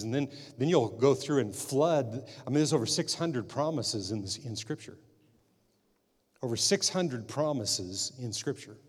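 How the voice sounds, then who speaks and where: A man's voice: medium pitch, slightly rough. Man preaching in a reverberant hall. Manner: preaching with emphatic repetition, rising loud at climaxes. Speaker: pastor. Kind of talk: sermon.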